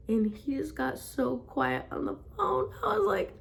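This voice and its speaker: A young woman telling a personal story in a relaxed vlog. She rambles, restarts, and leans on "like" in almost every line. Her voice sits slightly high. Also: fairly quick, vocal fry, few pauses. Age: young adult. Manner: rambling, packed with "like" fillers. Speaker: vlogger.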